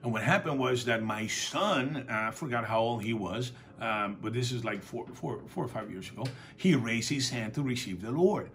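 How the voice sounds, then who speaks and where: A man preaching a sermon in a relaxed, conversational way, telling stories and acting out the dialogue. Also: medium pitch, moderate pace, few pauses, slight background noise. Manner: calls for audience responses. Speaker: pastor.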